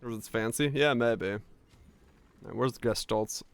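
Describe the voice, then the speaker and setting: A man's voice: mid-range voice, moderate pace, clear, resonant tone. A young man streaming a game, chatting casually and swearing freely while he plays. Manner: casual, profane, chatty with chat. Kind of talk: casual gaming stream chat.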